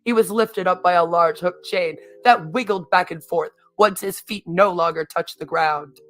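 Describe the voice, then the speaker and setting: A woman's voice: on the low side, normal speed, no room sound. A woman reading a story aloud on a stream, in a theatrical manner, sometimes breaking off to comment on her own reading.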